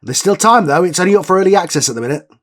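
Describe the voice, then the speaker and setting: A man's voice: high voice, expressive, racing, fairly bright tone. A man playing himself as the show's writer in a scripted comedy sketch, weary, exasperated and matter-of-fact. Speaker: writer and creator of the show.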